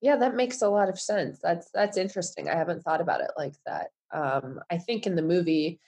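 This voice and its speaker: A woman's voice: lowish voice, expressive, brisk, a little mellow, slightly rough. A woman guest on a remote podcast interview, talking easily and laughing lightly. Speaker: guest writer. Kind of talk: casual interview chat. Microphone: remote recording.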